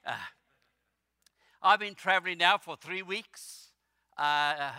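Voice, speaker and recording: A man in his sixties or older from South Africa, with a South African accent, preaching a sermon as a visiting missionary in a slow, halting way with many fillers. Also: sits high, bright, forceful tone, smooth, no echo, studio quality.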